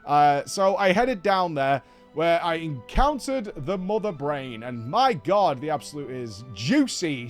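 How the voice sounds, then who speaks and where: A man hosting a casual game recap, telling the story with animated energy and acting out lines in other voices. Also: fairly high pitch. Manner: animated storyteller who acts out quoted lines. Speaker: host.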